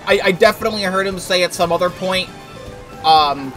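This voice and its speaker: A man's voice: high voice, fairly even intonation, normal speed, a bit bright. A man streaming a racing game, chatting casually and telling a rambling work story with lots of filler words and the odd swear. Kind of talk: casual gameplay commentary and storytelling. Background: game music.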